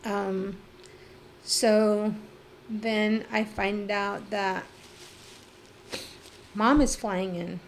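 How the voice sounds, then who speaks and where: A woman's voice: medium pitch, fairly even intonation, very slow, gravelly, pauses often, a little hiss or hum. A middle-aged woman telling her own life story as a podcast guest, candid and emotional, with lots of "like" fillers and a blunt swear now and then. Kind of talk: personal storytelling.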